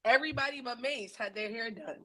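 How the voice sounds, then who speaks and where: A woman with an American accent co-hosting a casual spoiler chat, animated and slangy, often laughing. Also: on the high side, brisk. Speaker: podcast co-host.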